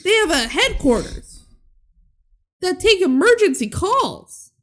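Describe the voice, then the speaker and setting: A woman's voice: very high voice, takes it slowly. A young adult woman co-hosting a podcast, recapping a movie in casual chat and acting out the characters' lines. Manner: animated, acts out characters' lines. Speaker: podcast co-host.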